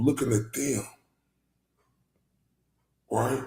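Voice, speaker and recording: A man from Dallas giving casual, emphatic reaction commentary as a YouTuber, swinging between loud outbursts and low muttering. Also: slow, creaky, long pauses. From Dallas, Texas. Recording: echoey room.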